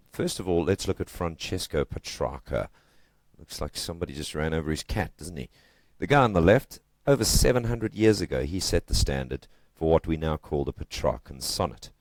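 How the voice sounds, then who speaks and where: A man's voice: very deep voice, a little mellow, no room sound, studio quality. A man teaching literature in a casual video lesson, chatty and joking, leaning hard on stressed words.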